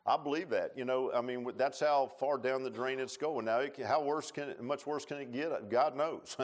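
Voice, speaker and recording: A man preaching a sermon in a church, telling stories in a folksy way and swinging between loud rises and quiet low passages. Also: normal speed. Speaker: pastor. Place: church sanctuary.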